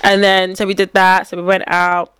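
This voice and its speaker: A woman's voice: mid-range voice, completely flat delivery, moderate pace, a bit bright, clean tone, no echo. A young woman, casually telling a story on a podcast, acting out quotes and laughing often. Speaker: podcast co-host. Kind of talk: casual chat.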